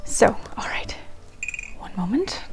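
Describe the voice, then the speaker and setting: Whispering slowly, a woman who hosts a channel reading old diaries chats casually with her viewers. She rambles, with many ums and restarts, as faint ragtime music plays behind her.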